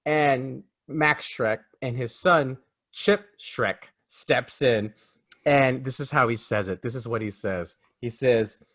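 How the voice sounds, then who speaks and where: A man co-hosting a casual film review podcast, laughing often and animated. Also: medium pitch, slow pace. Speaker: co-host. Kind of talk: casual movie review chat.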